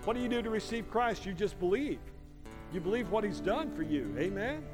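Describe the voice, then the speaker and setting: High-voiced man preaching in a reverberant church. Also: lively intonation, a little fast, music in the background. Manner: storytelling with laughs, rising to loud prayer. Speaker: pastor. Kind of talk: sermon. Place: church sanctuary.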